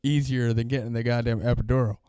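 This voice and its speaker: Mellow, smooth-voiced man swearing bluntly. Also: medium pitch, fast talker, no room sound, studio quality. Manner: blunt, profane, deadpan quips. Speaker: podcast co-host. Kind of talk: crude casual comedy chat.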